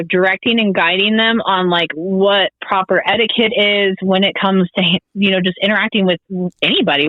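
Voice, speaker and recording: A woman's voice: mid-range voice, no echo. A young woman in a casual podcast chat, talking at length with frequent laughs and acting out polite questions. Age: young adult. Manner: chatty, laughs often, acts out polite questions. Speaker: podcast guest. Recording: tinny phone-like sound.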